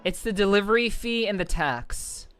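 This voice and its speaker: A woman's voice: medium pitch, lively intonation, moderate pace, clean tone, faint music behind. A young adult woman streamer chatting casually with her viewers, swearing often and restarting her words. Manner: swears a lot, stammering restarts. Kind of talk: casual live-stream chat.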